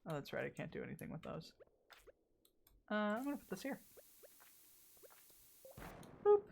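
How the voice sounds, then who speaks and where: A woman's voice: mid-range voice, very animated, normal speed, vocal fry, a little mellow, slight background noise. A woman streamer chatting casually while playing a game, often exasperated, rambling and swearing at it. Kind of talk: casual gameplay chat.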